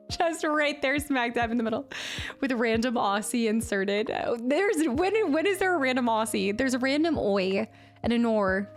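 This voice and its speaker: Chatty woman streamer with higher voice. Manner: chatty, laughs often, reads chat aloud. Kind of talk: casual chat with viewers. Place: home streaming setup.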